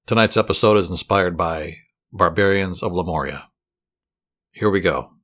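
A man telling a guided fantasy story to relax to, in a soothing, steady voice with dry humor. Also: deep voice, moderate pace. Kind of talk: calm guided fantasy narration.

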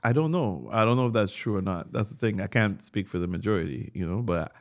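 Fast-talking low-voiced man. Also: animated. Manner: fast, loose, reflective talk with many fillers. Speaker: podcast co-host. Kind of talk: casual chat.

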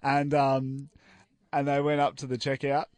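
A man's voice: mid-range voice, completely flat delivery, a little slow, darkish tone, dry recording. A young Australian man co-hosting a community radio show, telling rambling stories with lots of ums and giggles. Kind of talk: casual banter.

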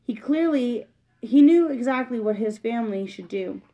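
A woman reading a children's book aloud, plain and steady, with small slips. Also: a little high, moderate pace, poor audio. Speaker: reader.

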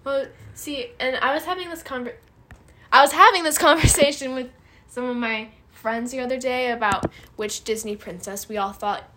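A young woman co-hosting a podcast in casual chat, chatty and quick to laugh, often trailing off. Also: high voice, noisy background. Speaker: podcast co-host.

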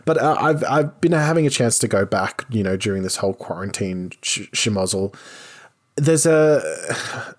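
Lively, joking podcast co-host. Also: male voice, on the low side, measured pace. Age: 30s. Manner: playful, joking. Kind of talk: casual podcast chat.

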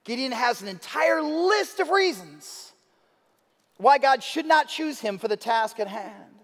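A man's voice: extremely high pitch, unhurried. A man preaching a sermon, telling the story casually and acting out the quotes. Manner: conversational, animated storytelling with acted-out quotes. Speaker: pastor. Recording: long reverb of a large hall.

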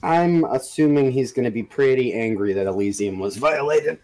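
Male player, hesitant and halting, casual. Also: medium pitch, darkish tone, low-quality recording. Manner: hesitant, lots of ums. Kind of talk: tabletop role-play chat.

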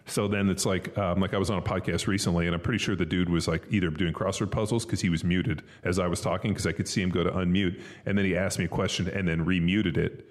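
A man's voice: low voice, fairly even intonation, fast talker, few pauses. A man hosting a podcast, telling long rambling stories full of fillers in casual banter. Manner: rambling, filler-heavy storytelling. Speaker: podcast host.

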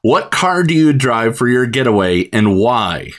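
A man's voice: medium pitch, big pitch swings, measured pace, a bit bright. A man hosting a podcast from his home studio, chatting casually, laughing often and restarting sentences. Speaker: podcast host. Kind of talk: casual chat.

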